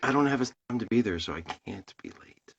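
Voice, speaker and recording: A man's voice: mid-range voice, animated, vocal fry, slightly rough. A man of grandparent age, a guest on a casual live chat, joking and making playful excuses. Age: older. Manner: playful, quick to joke and excuse himself. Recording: dull lo-fi call audio.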